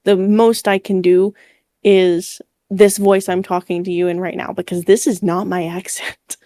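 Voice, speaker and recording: A woman's voice: fairly low pitch, little pitch movement, unhurried, dark tone, no room sound, clean studio sound. A woman with a Midwestern American accent, a guest in a casual interview, speaking very expressively and laughing often.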